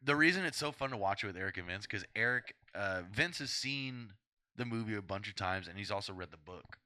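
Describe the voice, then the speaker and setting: A young man hosting a podcast in casual chat, excitable and swearing freely as he trips over his own sentences. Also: on the low side, fairly quick, dry recording. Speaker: podcast host.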